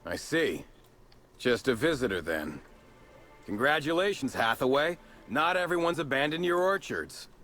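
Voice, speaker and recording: A man's voice: mid-range voice, very animated, measured pace, fairly bright tone, soft background music. An actor playing a haughty, condescending male security agent in a video game.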